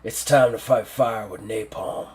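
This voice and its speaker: A man's voice: fairly low pitch, measured pace, close to an everyday voice. A man doing a ruthless old general. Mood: commanding. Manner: growling, blunt, commanding. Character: old gruff male general, ruthless and commanding.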